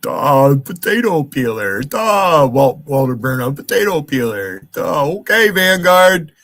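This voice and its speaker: A man's voice: a little high, sing-song, a bit bright, exaggerated voice. A man mimicking a dopey, dim-witted man. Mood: mocking. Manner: slow dopey drawl, mocking.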